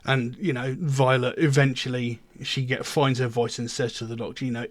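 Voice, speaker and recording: A man's voice: mid-range voice, flat delivery, moderate pace, hardly any pauses. A middle-aged man hosting a music reaction, talking in a rambling way and leaning on "you know" fillers. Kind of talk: casual reaction commentary.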